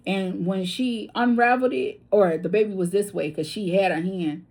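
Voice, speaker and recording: A woman giving a casual tarot reading, chatty and blunt, with swearing and story asides, her voice swinging between loud and hushed. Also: medium pitch, moderate pace. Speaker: tarot reader.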